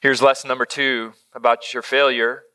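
A man preaching a sermon, earnest, swinging from emphatic lines to soft, hushed ones. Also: medium pitch, level tone, moderate pace, smooth. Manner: earnest, shifts between loud emphasis and soft near-whisper. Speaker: pastor.

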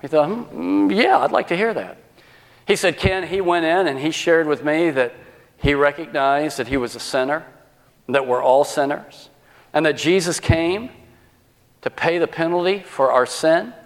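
A man's voice: a little high, normal speed, long reverb tail. A male pastor preaching a sermon, telling a personal story and acting out the quoted dialogue.

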